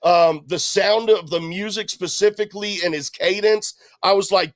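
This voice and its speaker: A man's voice: high-pitched, steady tone, normal speed, hardly any pauses, no echo. Casual male podcast co-host, dry sound. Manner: loose, rambling, fillers and restarts. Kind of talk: casual album review chat.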